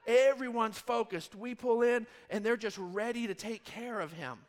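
A man in his thirties, a pastor telling a rambling, animated story in a sermon. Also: extremely high pitch, normal speed, big-room sound. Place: church hall.

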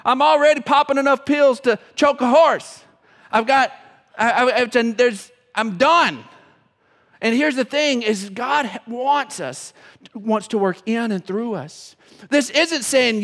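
A man preaching a sermon as pastor, emotional, swinging from loud to hushed. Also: very high voice, slow. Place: church sanctuary. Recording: long reverb of a church hall.

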